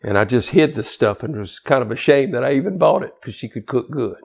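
A man preaching a sermon in a folksy, joking way, swinging from quiet low asides to loud shouting. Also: expressive, fairly quick, vocal fry, husky. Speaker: pastor.

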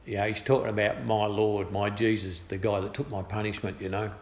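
A middle-aged Australian man shares a personal testimony as casual storytelling, chatty and good-humoured, with lively voiced quotes. His voice is lowish and fairly quick, recorded in an echoey room with faint ambience.

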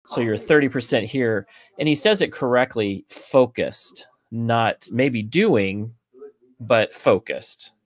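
A man's voice: mid-range voice, takes it slowly. A man co-hosting a book discussion podcast, explaining ideas at length and thinking aloud. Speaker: podcast co-host.

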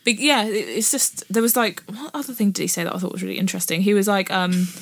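A woman's voice: medium pitch, fast. A woman in casual chat, talking with many fillers as a co-host.

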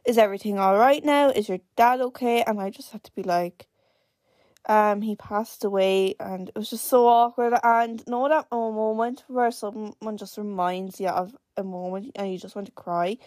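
A woman's voice: medium pitch, flat delivery, a little slow, a little mellow, dry recording. A young Irish woman in her late teens hosting her own podcast, talking in a hesitant, reflective way with many fillers and restarts. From Ireland. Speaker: podcast host. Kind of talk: personal podcast monologue.

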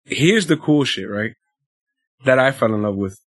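A man's voice: mid-range voice, expressive, normal speed, dry recording, studio quality. Laid-back, profane male co-host. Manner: loose and profane, rambling with filler words. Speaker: podcast co-host. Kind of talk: casual chat about wrestling.

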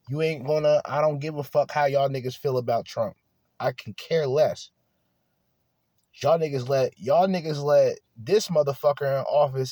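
A man's voice: a little high, darkish tone, no room sound, clean studio sound. A man talking in a blunt, profane, rambling monologue, restarting his sentences often, in a casual chat. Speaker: podcast host.

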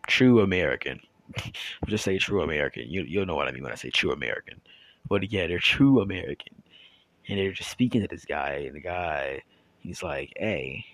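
Man, very deep voice, casual monologue to viewers, rambling, halting restarts, dry close sound. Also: lively intonation, fairly bright tone, dry recording, rough recording. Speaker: YouTuber.

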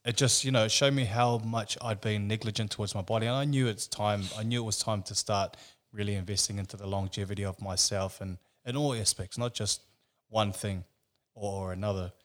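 A man's voice: lowish voice, fairly even intonation, fairly quick, a bit bright. A man who is a bodybuilder, talking reflectively in casual podcast chat with many "you know"s. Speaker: guest, bodybuilder.

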